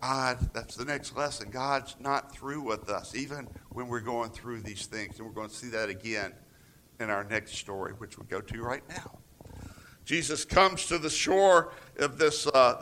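A man preaching a sermon, retelling scripture with dramatic swings from loud passages to near-whispers and acting out quoted voices. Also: a little slow, a little hiss or hum. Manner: acts out quoted voices with raised pitch. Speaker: pastor.

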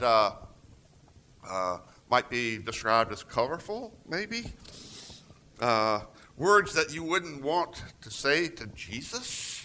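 A male pastor delivers a sermon at an unhurried pace. His voice is bright and slightly high, and he swings from loud, raised passages to near-whispers, pitching up to act out the voices he quotes. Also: slight background noise.

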